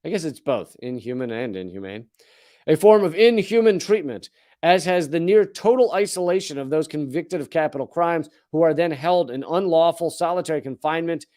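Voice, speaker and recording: A man's voice: a little high, lively intonation, a little fast, darkish tone. A man in his forties hosting a comedic political monologue, sardonic and profane, riffing with asides while reading news stories. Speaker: comedian and political commentary host.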